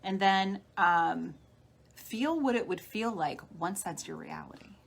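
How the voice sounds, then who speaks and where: A woman healer giving a live-streamed talk, guiding listeners gently through steps like a coach. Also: fairly low pitch, animated, measured pace, vocal fry, husky. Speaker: spiritual healer. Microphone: phone or webcam on a live stream.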